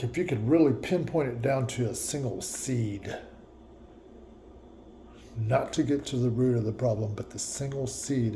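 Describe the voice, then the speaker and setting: A man's voice: mid-range voice, warm tone, slight background noise. A man vlogging a reflective personal monologue, musing and repeating himself, with laughs at his own words.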